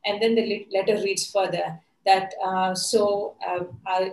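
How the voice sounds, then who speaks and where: Give me a woman coach telling a lively story in an echoey room. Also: medium pitch, unhurried, hardly any pauses. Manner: earnest, lively storyteller with many fillers. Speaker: life coach. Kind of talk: storytelling motivational talk.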